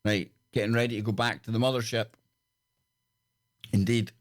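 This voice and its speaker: Speaking at normal speed in a steady, lowish voice, a radio talk show host from Scotland runs a live call-in program. He trades jokes with his listeners and welcomes them individually, his Scottish accent clear throughout.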